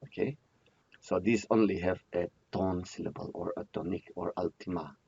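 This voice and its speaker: A man with a low, steady, mellow voice, husky with vocal fry, teaches grammar at a normal speed in a classroom lecture. He keeps repeating key terms and poses questions that he answers himself. The recording is dull, muffled and lo-fi.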